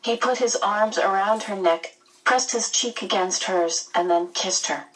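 A woman narrating a storybook chapter aloud in a measured, gentle way. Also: mid-range voice, recorded from a distance, low-quality recording. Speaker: audiobook narrator.

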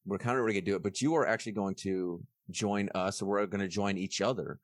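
A man's voice: fairly low pitch, no echo, clean studio sound. A man with a Texan accent, hosting a podcast and telling stories animatedly in casual chat. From Texas. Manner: animated storytelling with quick put-on voices. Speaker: podcast host.

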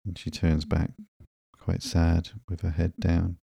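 A man hosting a podcast, narrating comic books slowly and drowsily in a calm, unhurried way. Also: deep voice, creaky, breathy edge, dry recording. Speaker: podcast host. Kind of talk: slow, sleepy comic book narration.

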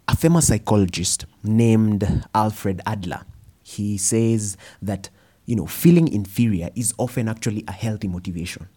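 A young man with a Kenyan accent giving a personal storytelling talk, animated and slipping Swahili phrases into his English. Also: lowish voice, normal speed, husky. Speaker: speaker.

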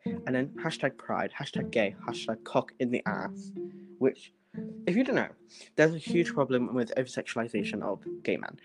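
A young podcast host telling a story in a sarcastic, animated rant and swearing often. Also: medium pitch. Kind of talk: ranting storytelling. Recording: music playing behind the voice. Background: music.

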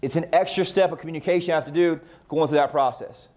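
He's a sales trainer coaching real estate agents on talking with clients, and he's a fast talker with a voice on the high side and a little mellow. Emphatic throughout, he asks rhetorical questions and supplies the answers himself.

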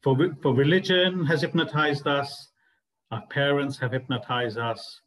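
A man's voice: medium pitch, fairly even intonation, measured pace, fairly bright tone, poor audio. A man teaching a spiritual study group, explaining ideas earnestly and asking the class rhetorical questions. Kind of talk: class discussion lecture.

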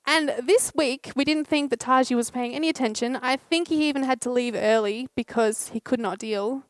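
Woman preacher, high voice, dry close recording, heartfelt storytelling. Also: moderate pace, no room sound. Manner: heartfelt storytelling with quoted dialogue. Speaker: speaker giving a short sermon. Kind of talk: sermon.

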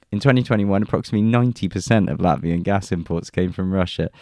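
A man's voice: low voice, a little fast, few pauses, darkish tone, no echo, clean studio sound. A man reading news reports aloud and adding wry, chuckling remarks in casual commentary. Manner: reads reports then jokes and chuckles.

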